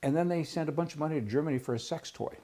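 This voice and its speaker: Man from Canada, opinion monologue, blunt and rambling, fairly high-pitched, sudden exclamations. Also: racing, mellow. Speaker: political commentator.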